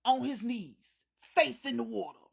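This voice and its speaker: A woman's voice: fairly high pitch, lively intonation, a little slow, creaky, slightly rough. A woman telling a wild story in a casual, profane, dramatic way. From Chicago.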